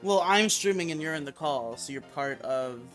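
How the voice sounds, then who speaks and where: A man's voice: on the high side, expressive, moderate pace, a bit bright, faint music behind. A young man hosting a casual game stream, laid-back and teasing as he chats with friends on a call. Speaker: streamer, host. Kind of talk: casual gaming stream chat.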